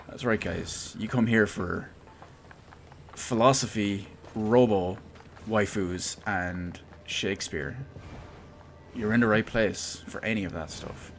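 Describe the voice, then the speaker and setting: A young man commentates casually over a game stream and tosses in wry, self-mocking jokes. His voice sits somewhat low, and his delivery is relaxed and conversational. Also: takes it slowly, slight background noise. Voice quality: wry, joking asides. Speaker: let's play streamer.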